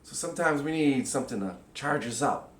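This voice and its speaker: A man giving a casual spiritual teaching talk, animated and acting out inner voices with sudden loud, high bursts. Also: fairly quick. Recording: echoey room.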